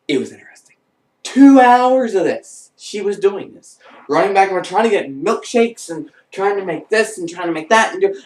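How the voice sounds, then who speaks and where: A man telling a comic anecdote in an animated way, breaking into squealing voices. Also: high voice, fairly quick, recorded from a distance. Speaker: vlogger. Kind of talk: comedic storytelling. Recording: echoey room, voice off-mic.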